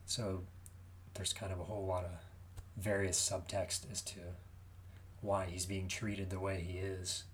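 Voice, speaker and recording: A man in a casual movie chat, calmly explaining the background context of the film. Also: deep voice, unhurried, slight background noise.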